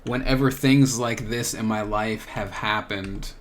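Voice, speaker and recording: Low-voiced man musing aloud. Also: steady tone, measured pace, a little hiss or hum. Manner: musing, searching, many "like" fillers. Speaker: podcast host. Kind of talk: reflective solo monologue.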